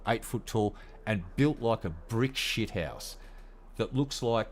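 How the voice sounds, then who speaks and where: A low-pitched Australian man in his fifties rants to camera, blunt and heavy with swearing. A faint hum of noise sits under his voice. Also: expressive, slow pace. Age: 50s. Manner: blunt, heavily profane ranting. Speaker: gaming vlogger. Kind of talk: casual rant to camera.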